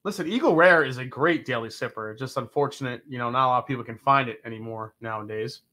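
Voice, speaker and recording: A man's voice: mid-range voice, fast talker, bright, forceful tone. A man hosting a live whiskey-tasting stream, joking, swearing and reading out viewer comments. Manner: jokey and profane, reading chat comments aloud. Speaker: show host.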